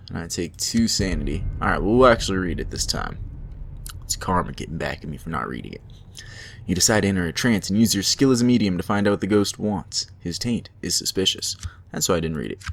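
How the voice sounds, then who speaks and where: Chatty low-voiced man playing a game. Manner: chatty, self-mocking, excitable at wins. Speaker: game let's play narrator. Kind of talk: casual game commentary, reading game text aloud.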